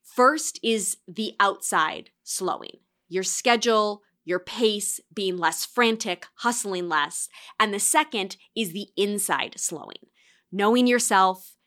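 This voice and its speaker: A woman with a mid-range, slightly bright voice speaks slowly as host of a reflective solo podcast. Working as a course mentor, she coaches listeners encouragingly and reads student quotes aloud.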